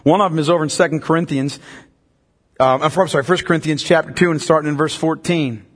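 Husky guy preaching, kinda high voice, lots of long echo like a big church hall. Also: fast. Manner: emphatic preaching, rising to loud peaks. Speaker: pastor. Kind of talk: sermon.

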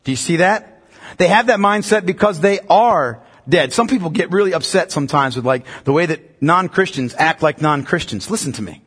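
A man preaching a sermon as pastor, emphatic and building to loud, pressing peaks. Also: on the high side, lively intonation, normal speed, husky, in a large hall.

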